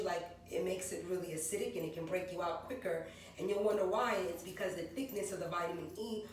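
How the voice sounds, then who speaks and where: A woman's voice: medium pitch, darkish tone. A woman in her forties, a maker of natural hair and skin products, chatting her way through her product line and rambling through lists of ingredients. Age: 40s. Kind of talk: casual product walkthrough vlog. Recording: very echoey room, voice from far off, faint background hum.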